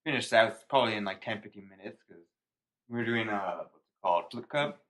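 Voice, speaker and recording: A man's voice: on the low side, lively intonation, fairly quick, fairly bright tone. A young man co-hosting a podcast, telling a story in casual, rambling chat and laughing at himself. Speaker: podcast co-host.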